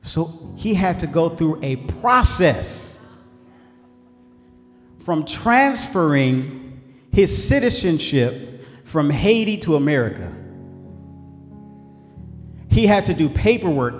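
Animated high-voiced preacher in a hall. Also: male voice. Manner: call-and-response preaching, swings between shouts and low asides. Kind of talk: sermon. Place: church sanctuary. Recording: echoey hall with faint music.

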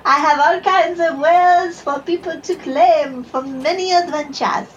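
A woman's voice: extremely high pitch, measured pace, lo-fi sound, very noisy. A woman voicing a naive, overly friendly young female merchant who speaks in a wide-eyed, literal way. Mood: sweet. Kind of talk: tabletop role-play.

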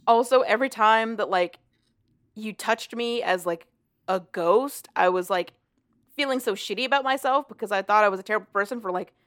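A woman casually recapping a story for a co-host, animated and profane, laughing often as she talks. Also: medium pitch, a little fast. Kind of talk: casual chat.

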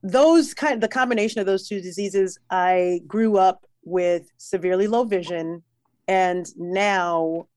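Lively New woman, musician guest. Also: on the low side, dry recording. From New York. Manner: lively, laughing, fast-talking with lots of "like". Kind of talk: casual interview chat.

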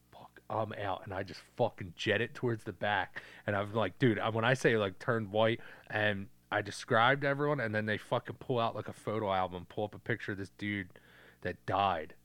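A man's voice: on the low side, fairly quick, a bit bright, no echo. A young adult man co-hosting a podcast, telling a story in laid-back casual chat with frequent swearing and "uh" fillers. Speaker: podcast co-host.

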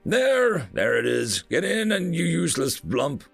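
A man voicing a pompous, hot-tempered male alien priest who barks raspy commands. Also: on the high side, very animated, unhurried, no room sound, faint music behind, voice pushed up, heavily acted. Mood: furious. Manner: shouting, commanding.

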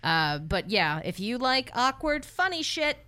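Smooth-voiced excitable woman chatting. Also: a little high, unhurried. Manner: excitable, laughs often, stumbles into sentences. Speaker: podcast co-host. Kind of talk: casual chat.

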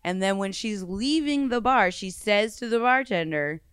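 A woman's voice: medium pitch, animated, moderate pace, a bit bright, smooth, dry recording, clean studio sound. A woman co-hosting a casual movie review podcast, sardonic and incredulous. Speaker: podcast co-host.

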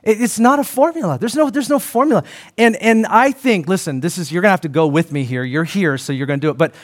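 A man with a fairly high voice preaching a sermon. He talks to his congregation in an animated, conversational way, breaking off into asides and restarting his sentences. His pitch rises and falls freely as he builds his points. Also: fast talker. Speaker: pastor.

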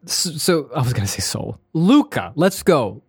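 A man's voice: fairly high pitch, sing-song, moderate pace, creaky, darkish tone, husky, no echo, clean studio sound. A man co-hosting a casual podcast chat, playful and laughing often, often trailing off and restarting. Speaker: podcast co-host.

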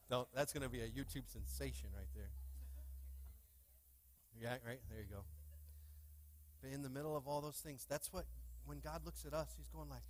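A man's voice: mid-range voice, steady tone, normal speed, long pauses, a little hiss or hum. A male pastor preaching a sermon in a church, with call-and-response questions to the congregation and fervent bursts. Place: church sanctuary.

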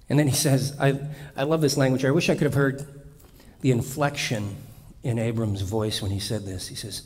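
A man's voice: mid-range voice, fairly even intonation, brisk, darkish tone. A man preaches in a loose, conversational way, with wry jokes and frequent restarts. His voice sits in a middle range for a man. It rings out with a long reverb in a large hall. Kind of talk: sermon.

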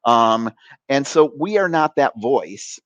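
Guest coach: a man with mid-range pitch, animated, acting out the voices he quotes, in a dry, close-miked sound. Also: slow pace, no room sound. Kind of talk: conversational interview.

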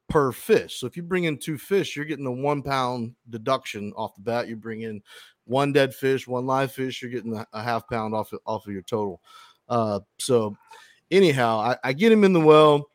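A man hosts a fishing podcast and tells a long story in loose, casual chat. He rambles, restarts, and swears freely. His voice sits at a medium pitch, recorded dry and close. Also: dry recording. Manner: rambling, profane, with frequent restarts.

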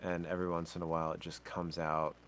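A man's voice: low voice, completely flat delivery, fast, fairly bright tone, slight background noise. A man co-hosting a podcast in casual chat, rambling and restarting his sentences. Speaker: podcast co-host.

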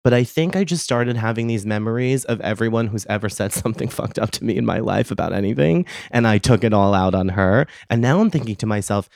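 A man's voice: fairly low pitch, lively intonation, fairly quick, creaky, few pauses, a little mellow, dry recording, studio quality. A man hosting a podcast, telling a confessional story in a casual, profane, self-mocking way and laughing often. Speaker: podcast host.

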